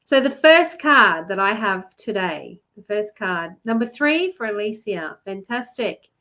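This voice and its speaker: Bright-voiced chatty Australian woman. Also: mid-range voice, big pitch swings, unhurried. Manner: chatty, laughs often, greets viewers by name. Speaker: love coach and card reader. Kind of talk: live-stream card reading, chatting with viewers.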